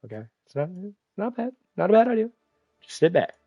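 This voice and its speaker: A man streaming a game, talking casually in a profane, excitable, teasing way, with congested sinuses. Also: high-pitched, a little fast, creaky, dry recording. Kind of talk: casual gaming livestream commentary.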